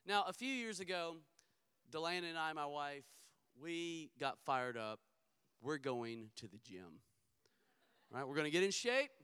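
Middle-aged male pastor, high and bright, emphatic sermon delivery with comic storytelling asides. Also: expressive, a little slow, pauses often, clean tone. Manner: emphatic preaching with humorous storytelling.

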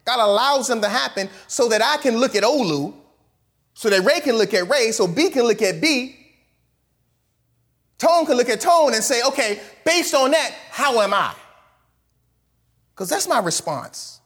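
Animated, high-voiced preaching man. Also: measured pace, long pauses, slightly rough. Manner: animated preaching, reads scripture aloud, acts out quotes in voices; colloquial phrasing. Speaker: pastor. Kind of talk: sermon.

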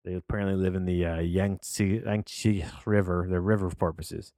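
This podcast host has a low, dark voice with a steady tone and normal speed, captured in a dry, studio-quality recording. His film review is casual and rambling, marked by many restarts and fillers.

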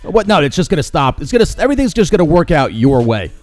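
A man's voice: a little high, very animated, fast talker, darkish tone, faint music behind. A man hosting a solo podcast, ranting with sarcasm and mockery about current events. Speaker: podcast host. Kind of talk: opinionated solo commentary.

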